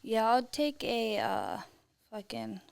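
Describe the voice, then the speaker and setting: A woman co-hosting a podcast in casual chat, laid-back and deadpan, swearing freely. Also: a little high, slow pace, vocal fry, smooth, no echo, clean studio sound. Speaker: podcast co-host.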